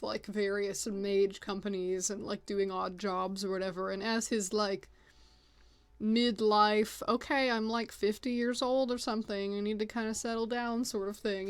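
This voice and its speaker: A woman rambling in a casual, chatty way as she introduces her characters, full of filler words. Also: medium pitch. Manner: chatty, lots of filler "like"s and laughs. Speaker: content creator.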